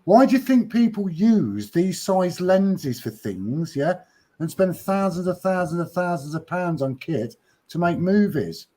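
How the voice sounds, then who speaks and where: A man's voice: high-pitched, big pitch swings, measured pace, dark tone. A man chatting casually on a podcast, blunt and sarcastic, swearing freely. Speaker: podcast host. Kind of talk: casual chat.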